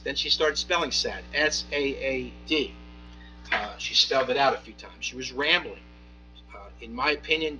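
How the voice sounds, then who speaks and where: Bright-voiced man delivering a court ruling. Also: medium pitch, poor audio. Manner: measured, deliberate, many fillers and restarts. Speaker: municipal judge. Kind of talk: ruling from the bench.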